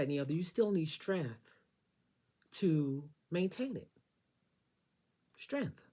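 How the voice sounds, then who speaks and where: A woman's voice: sits low, darkish tone, breathy edge. A woman giving a casual tarot reading, talking straight to the listener in an emphatic, sassy way and repeating phrases for effect. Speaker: tarot reader.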